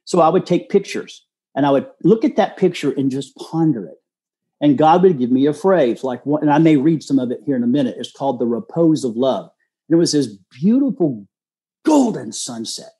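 A man's voice: a little high, lively intonation, normal speed, mellow. A man in his sixties from Texas, telling a personal story as a guest in an earnest, folksy way. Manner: earnest, folksy, acts out quoted voices. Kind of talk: casual storytelling.

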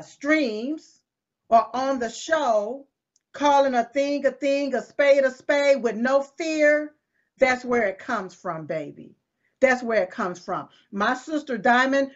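A woman, hosting a live show and talking to viewers in an emphatic, repetitive, folksy preaching cadence. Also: on the high side. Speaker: show host. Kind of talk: casual talk to viewers. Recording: dull lo-fi stream audio.

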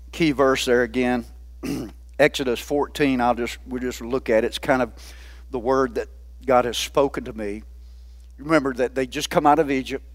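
A man preaching a sermon in a folksy, conversational way, often putting questions to the congregation. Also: a little high. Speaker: pastor.

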